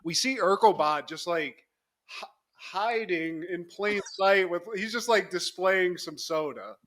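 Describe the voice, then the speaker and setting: A man co-hosting a podcast recaps a sitcom episode in casual, animated chat. His voice sits high and sounds bright and forceful. He keeps acting out the characters' lines and laughing along. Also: measured pace. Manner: animated storyteller, acts out lines, laughs often. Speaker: podcast co-host.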